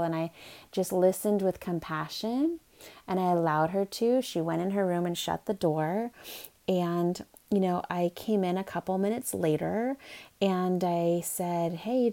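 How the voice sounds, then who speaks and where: A woman's voice: fairly low pitch, warm tone. A middle-aged woman hosting a parenting podcast, talking in a chatty, upbeat way with plenty of fillers. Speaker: podcast host, parenting coach. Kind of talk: casual podcast talk.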